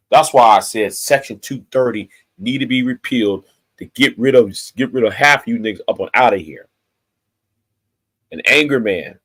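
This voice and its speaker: Staring into the camera, a YouTube commentator in his forties delivers a confrontational, profane tirade full of threats and repetition for emphasis. He speaks with a fairly low pitch and a fairly bright tone.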